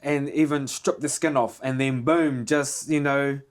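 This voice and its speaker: Podcast host, man, mid-pitched, animated storyteller, punchy delivery. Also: a little slow. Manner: animated retelling, punctuated with "boom". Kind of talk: casual podcast chat.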